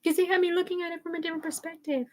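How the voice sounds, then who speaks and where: A woman voicing a sweet, tearful young woman who apologizes in a breathless, hurried plea. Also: extremely high pitch, level tone, voice pushed up. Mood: apologetic.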